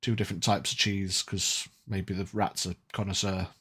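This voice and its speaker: A man narrating as game master of a tabletop game, laid-back and unhurried. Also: deep voice, little pitch movement, pushed and bright, slightly rough.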